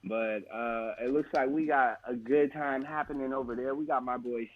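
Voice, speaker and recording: A man's voice: medium pitch, fairly even intonation, normal speed. A man co-hosting a casual podcast from his kitchen at home over a remote call, with laid-back slangy banter and frequent laughs. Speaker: co-host. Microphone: remote call audio. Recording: tinny phone-like remote line.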